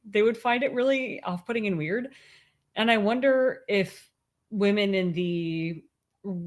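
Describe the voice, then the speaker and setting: A woman co-hosting a podcast, chatting casually with her husband and thinking aloud with restarts. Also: fairly low pitch. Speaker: podcast co-host.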